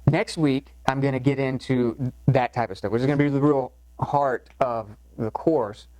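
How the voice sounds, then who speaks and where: A man's voice: mid-range voice, steady tone, normal speed, a little mellow, no room sound, rough recording. A man teaching a recorded college writing lecture in a loose, conversational way, with frequent fillers and restarts. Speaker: course instructor.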